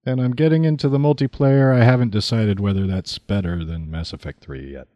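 A man with a low voice co-hosting a casual podcast, dry and matter-of-fact in his delivery. The recording is close and dead, with no echo. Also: fairly quick, mellow. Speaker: podcast co-host. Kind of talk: casual chat about card and video games.

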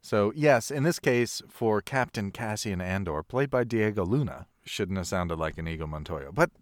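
A man's voice: lowish voice, lively intonation, moderate pace, no room sound. A man co-hosting a podcast, talking casually about a film with wry, dry humor. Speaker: podcast co-host.

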